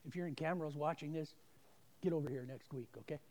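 A man with a slightly high, darkish voice talks fast as he gives a self-deprecating, folksy testimony at a church service streamed online. Along the way, he acts out the quoted voices in his tales.

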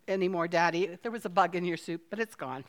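A woman voicing a little boy who answers his father quickly and offhandedly. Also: fairly low pitch, slight background noise, pitched below the performer's own voice, close to an everyday voice. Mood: offhand. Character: little boy, son at supper.

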